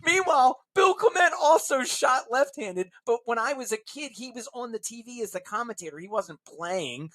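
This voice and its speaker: A man casually telling a long anecdote as an interview guest, animated and chuckling as he acts out the voices of people in the story. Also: very high-pitched, moderate pace, few pauses, no room sound.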